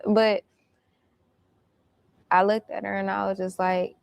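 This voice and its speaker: A woman's voice: medium pitch, level tone, slow, gravelly, pauses often, a little mellow, smooth. A woman recounting events in casual storytelling, blunt and profane.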